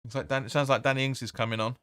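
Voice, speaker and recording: Male fan host, opinionated live match commentary, average pitch, dry close-miked sound. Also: level tone, rapid-fire, fairly bright tone, clear, resonant tone, no echo. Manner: blunt and opinionated, swears, reads viewer comments aloud.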